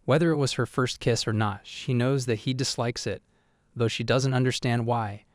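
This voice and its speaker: A man narrating a comic story recap in a steady, even third-person retelling. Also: mid-range voice, normal speed, no room sound, clean studio sound.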